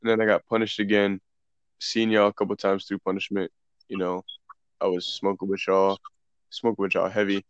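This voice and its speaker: Deep-voiced and speaking at a moderate pace with a clean tone, a young podcast co-host loosely retells a profane story to friends, animatedly performing the dialogue. No room sound is present in the dull, dry lo-fi recording.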